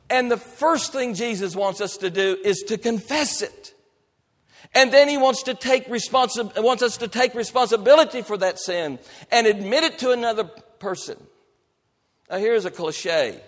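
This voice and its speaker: A male pastor preaching a sermon with dynamic delivery, swinging between loud emphatic lines and soft hushed ones. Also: high voice, normal speed, big-room sound.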